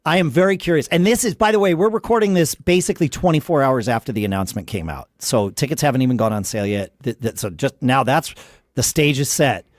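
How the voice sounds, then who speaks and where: A man's voice: medium pitch, animated, fast talker, no echo, studio quality. A man hosting a casual podcast conversation, thinking aloud with frequent restarts and tangents. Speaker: podcast host.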